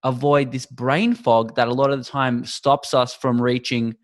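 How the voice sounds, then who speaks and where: A man's voice: medium pitch, little pitch movement, measured pace. A man hosting a podcast interview, asking a long question in a casual, searching way. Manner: casual, searching phrasing with restarts. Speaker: podcast host.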